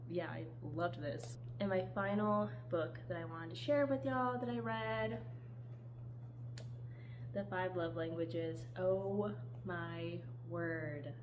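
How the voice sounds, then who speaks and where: Young woman, lowish voice, earnest and gushing, casual book vlog, faint hiss behind. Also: animated, takes it slowly. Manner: enthusiastic, heartfelt, lots of "like". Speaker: book vlogger.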